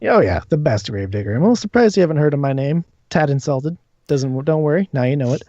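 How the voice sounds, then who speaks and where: A man's voice: a little high, expressive, fast talker, warm tone, no echo. A man puts on a dwarf grave digger who brags about his trade and rambles, his grammar slipping as he goes. The sound is dry and muffled, like stream audio. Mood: boastful. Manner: rambling, folksy, bungled grammar.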